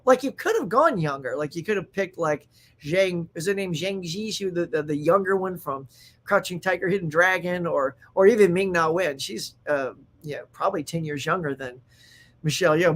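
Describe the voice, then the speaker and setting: A fairly high-voiced man hosting a relaxed stream about films and shows. He rambles from one topic to the next with plenty of laughs and sudden bursts of excitement. He reads viewer comments aloud and answers them as he goes. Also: normal speed. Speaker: host. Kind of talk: casual live-stream chat.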